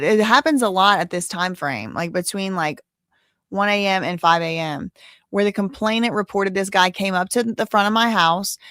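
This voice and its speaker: A woman's voice: medium pitch, fairly bright tone, no echo, clean studio sound. A woman hosting a live case-update stream, chatting casually with viewers in a blunt, indignant way, sometimes cursing. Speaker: host.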